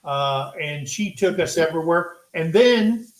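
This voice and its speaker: A man from the United States hosts a relaxed live chat. He talks slowly with a fairly high voice and wanders through long stories. The sound is echoey, as if he were recording in a bare room. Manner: rambling, unhurried storytelling. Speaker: host. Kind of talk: casual live-stream chat.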